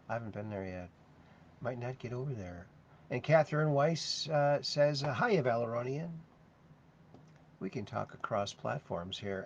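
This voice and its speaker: A man with a gravelly, middle-pitched voice hosts a casual livestream. He chats easily and reads viewer comments aloud in a sing-song voice. The recording is dull and lo-fi, with a faint hiss behind him. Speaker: host. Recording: dull lo-fi sound with faint noise.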